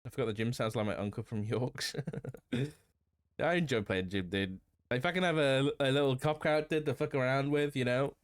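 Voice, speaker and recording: A man's voice: mid-range voice, normal speed, clear, resonant tone, no room sound. A young man streaming a roleplay game, chatting casually, thinking aloud, swearing now and then and laughing. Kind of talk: casual gameplay chat.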